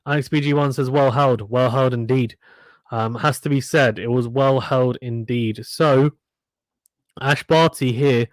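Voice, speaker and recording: A man doing casual play-by-play of a tennis match on a live stream, chatting between points and reading viewer comments aloud. His voice sits at an ordinary middle pitch and is recorded close and dry, with no room sound. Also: no room sound.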